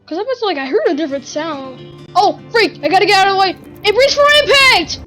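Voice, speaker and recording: A woman giving excitable gaming commentary, full of gasps and exclamations. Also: extremely high pitch, fast, over music, poor audio. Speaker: gamer.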